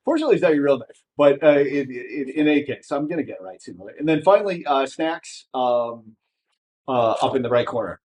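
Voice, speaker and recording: A man's voice: mid-range voice, animated, brisk, a little mellow. Hesitant man running a tabletop game. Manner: hesitant, many fillers and restarts. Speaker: game master.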